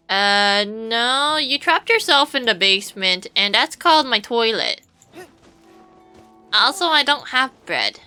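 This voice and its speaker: A woman's voice: on the high side, sing-song, slow, pushed and bright, smooth, soft background music. A woman streamer giving casual gameplay commentary, rambling playfully to her viewers and swearing now and then.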